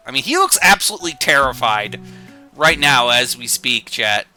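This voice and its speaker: A man's voice: mid-range voice, big pitch swings, normal speed, sharp tone, soft background music. A man streaming a casual read-through of old comics, with sarcastic, joking asides and swearing.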